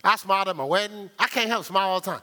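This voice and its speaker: Older male pastor, fairly high voice, animated story-driven sermon, speaks straight to the pews. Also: rapid-fire. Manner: animated storytelling, sound effects and laughter; conversational, addresses the congregation directly.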